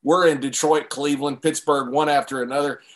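A man hosting a relaxed conversation, with a voice pitched somewhat high for a man. He reminisces easily and breaks into laughter often. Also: a little fast. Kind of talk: casual chat.

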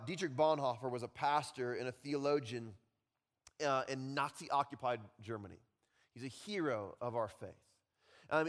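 Male pastor, slightly high voice, animated sermon delivery with big swings in volume. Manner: animated, swings between loud emphasis and quiet reflection.

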